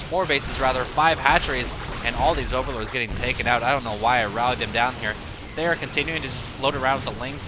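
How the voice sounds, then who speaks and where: A man giving casual, opinionated commentary on a strategy game he is playing, thinking out loud as he goes. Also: mid-range voice. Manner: analytical, opinionated, loose and chatty. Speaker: player commentating his own match. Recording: steady background noise.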